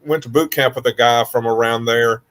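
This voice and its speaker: A man of middle pitch chats casually on a livestream. He stumbles and restarts as he asks his questions. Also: fairly even intonation, normal speed, a bit bright. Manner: hesitant, many restarts. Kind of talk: casual chat.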